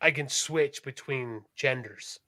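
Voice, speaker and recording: A man co-hosting a podcast in casual chat, rambling, animated and profane. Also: medium pitch, slow, no echo, studio quality. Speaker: podcast co-host.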